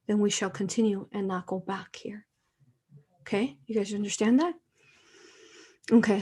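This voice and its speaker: A woman's voice: medium pitch, husky. Emotional woman giving a spiritual live talk. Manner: emotional, tearful at times, with soft laughs and many fillers. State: tearful. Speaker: spiritual channeler hosting a live stream.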